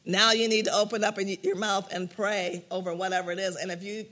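Older man, high and bright, warm-hearted church teacher, chatty and animated, laughs easily. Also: quick pace. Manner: animated storyteller, laughs often, acts out quotes. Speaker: prayer class teacher. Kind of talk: informal teaching with personal stories.

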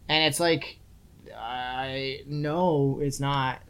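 At a moderate pace and medium pitch, a young adult co-host chats casually about a book on a podcast, rambling, sarcastic, and swearing freely.

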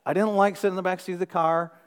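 Fast-talking pastor in a big hall. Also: male voice, sits high, clear, resonant tone. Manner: animated, self-mocking storyteller who acts out quotes. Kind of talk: storytelling sermon.

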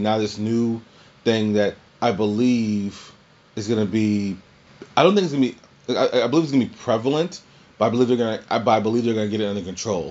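Young guy rambling thru a show recap on his podcast, kinda low voice, swears, muffled mic. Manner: rambling, swears, restarts often. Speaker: podcast host. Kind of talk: casual recap chat.

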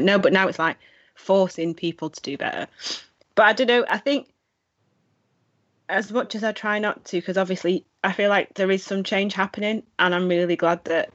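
A young woman chatting casually, acting out what she and others say as she tells it. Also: fairly low pitch. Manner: chatty, acts out quoted remarks. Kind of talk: casual chat. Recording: muffled lo-fi recording.

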